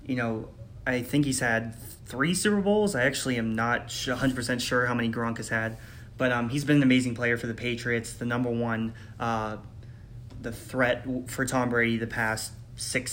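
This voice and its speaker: A man co-hosting a casual sports podcast, giving measured, confident opinions with some fillers. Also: medium pitch, fairly bright tone, slight background noise. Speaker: podcast co-host.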